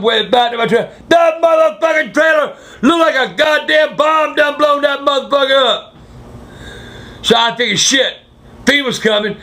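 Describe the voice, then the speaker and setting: A foul-mouthed older man tells a rambling vlog story. His voice sits high and gravelly, full of fry. He swears at nearly every turn and now and then bursts out loud. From South Carolina. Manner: crude, swearing constantly, loud outbursts. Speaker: vlog host. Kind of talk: profane storytelling.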